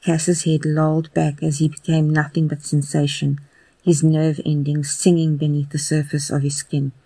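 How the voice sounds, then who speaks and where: A podcast narrator giving a slow, even, intimate audio fan fiction reading. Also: medium pitch, slightly rough, no room sound.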